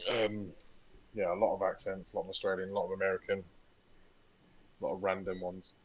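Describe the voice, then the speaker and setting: A man's voice: low voice, fairly quick, slightly rough, highs cut off. A young man co-hosting a podcast, telling stories with lots of energy and plenty of swearing. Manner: animated storyteller, swears freely. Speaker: podcast co-host. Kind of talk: casual chat.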